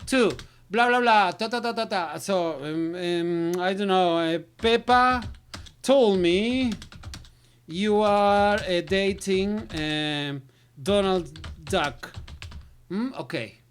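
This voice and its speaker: A woman's voice: medium pitch, takes it slowly, slight background noise. Woman teaching English. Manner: filler syllables, switches to Spanish. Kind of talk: recorded lesson walkthrough.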